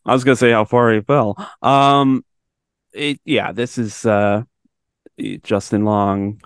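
Field. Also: male voice, fairly low pitch, fairly even intonation, clear, resonant tone, dry recording, studio quality. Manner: wry, joking, quick asides. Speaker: podcast host, film reviewer. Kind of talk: casual chat.

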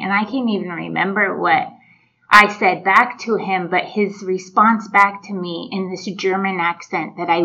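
Slow-talking woman, dull lo-fi sound. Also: medium pitch. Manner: reflective storytelling with soft laughs. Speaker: podcast co-host. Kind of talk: casual faith chat. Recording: muffled lo-fi audio.

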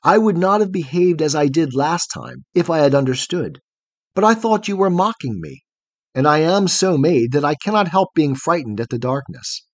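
A man's voice: fairly high pitch, lively intonation, normal speed, no room sound. A man playing a frightened young hero. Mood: apologetic. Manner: fearful, pleading.

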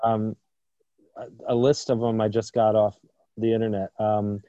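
A man co-hosting a podcast, joking in a dry, deadpan way in casual banter. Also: on the low side, normal speed, no echo, lo-fi sound. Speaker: podcast co-host.

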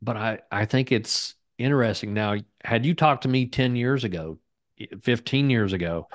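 A man's voice: medium pitch, moderate pace, dry recording, studio quality. A man in his forties, a podcast guest, who speaks in an earnest, reflective way with many fillers. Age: 40s. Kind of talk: reflective conversation.

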